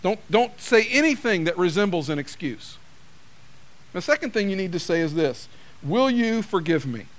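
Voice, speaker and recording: A man's voice: high voice, lively intonation, moderate pace. A man preaching a sermon, conversational and direct, acting out the lines people say to each other. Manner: conversational preaching, acts out quoted dialogue. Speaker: pastor.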